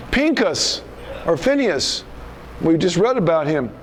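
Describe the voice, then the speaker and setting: A man's voice: fairly high pitch, big pitch swings, a little slow, slight background noise. A male pastor preaching a sermon in an emphatic, rebuking manner, often repeating himself.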